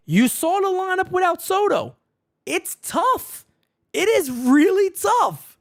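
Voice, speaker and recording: Heated New sports host man; fiery, repetitive, profane, lots of shouting. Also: extremely high pitch, very animated, takes it slowly. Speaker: sports talk show host. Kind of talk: heated sports talk rant.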